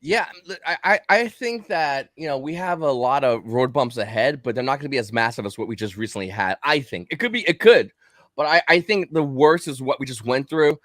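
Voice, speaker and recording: A man telling a story in casual chat on a livestream, acting out the quotes in an animated way. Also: medium pitch, a little fast, no room sound, clean studio sound. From Kentucky. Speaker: livestream guest.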